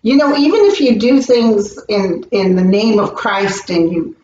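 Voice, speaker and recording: A woman's voice: medium pitch, lively intonation, measured pace, a little mellow. An earnest woman speaks as a psychic medium in an interview and tells her stories with animation. She sits well back from the mic in a roomy space, and the sound is dull with a faint hiss. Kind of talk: interview conversation. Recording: roomy, distant, dull recording.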